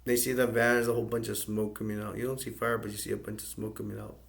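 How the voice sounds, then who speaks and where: A man from the United States casually recapping a film's plot in a flat, rambling way. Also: on the low side, fast, gravelly. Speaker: movie reviewer.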